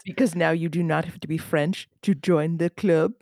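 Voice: medium pitch, steady tone, normal speed, vocal fry, darkish tone, no room sound, studio quality. A podcast co-host chatting casually, joking and playful.

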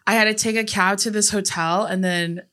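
A woman's voice: mid-range voice, steady tone, fairly quick, fairly bright tone. A woman co-hosting a podcast in casual chat, chiming in and laughing along as she tells a story. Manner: chatty, chimes in, laughs along. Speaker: podcast co-host.

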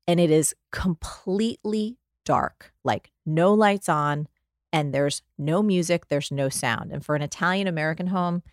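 A woman in her forties from New Jersey, a guest author and life coach, telling animated stories in an interview and acting out the voices in them. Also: sits low, measured pace, no room sound, clean studio sound. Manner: lively, acts out voices in her anecdotes.

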